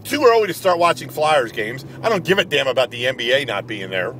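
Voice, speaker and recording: A man's voice: medium pitch, lively intonation, brisk, fairly bright tone, a little hiss or hum. A man angrily ranting as a vlogger in sports commentary, emphatic and repetitive, recorded outdoors. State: angry. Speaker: video blogger.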